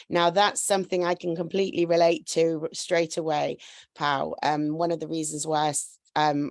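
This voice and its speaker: Podcast host, woman, low and gravelly, close dry video-call sound. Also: darkish tone, no echo. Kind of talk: online live stream interview.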